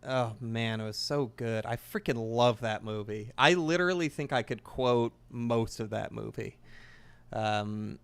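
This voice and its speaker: A man's voice: medium pitch, a little slow, creaky, fairly bright tone, clear, resonant tone, no room sound. A man in his twenties chatting casually while playing a game, rambling and enthusiastic. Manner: rambling, enthusiastic, restarts often. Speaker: gaming video creator.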